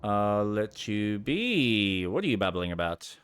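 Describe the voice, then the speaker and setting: A man's voice: fairly low pitch, sing-song, unhurried, a bit bright, clear, resonant tone. A man giving casual, rambling commentary while playing a game. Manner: chatty, rambling, reacts aloud to the game. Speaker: gameplay streamer. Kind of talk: casual commentary over gameplay.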